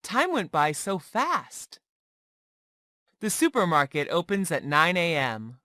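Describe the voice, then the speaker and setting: Slow, lively woman reading drill phrases. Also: lowish voice, no echo, clean studio sound. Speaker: English teacher. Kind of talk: reading practice phrases for learners.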